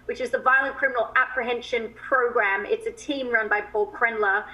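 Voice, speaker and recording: A woman talking as an actress guest in a TV interview, chatty and quick to laugh. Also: fairly high pitch, steady tone, bright, forceful tone, rough recording. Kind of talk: TV interview chat.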